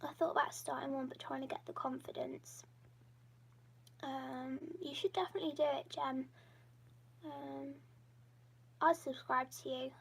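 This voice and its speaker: A woman chatting casually on a live stream, soft and half-whispered, rambling while she draws. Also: high-pitched, steady tone, moderate pace, vocal fry, long pauses, rough recording. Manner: drawing while she talks. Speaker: YouTuber and artist.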